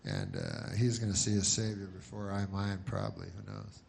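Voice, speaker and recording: A male stand-up comedian telling jokes in a deadpan, rambling way, with long digressive setups full of filler words. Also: lowish voice, normal speed, gravelly, a little hiss or hum.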